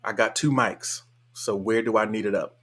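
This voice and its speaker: A man's voice: lowish voice, steady tone, moderate pace, fairly bright tone, breathy edge. A man hosting a casual live stream, reading viewer comments aloud in a laid-back, colloquial way and chuckling often. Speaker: livestream host.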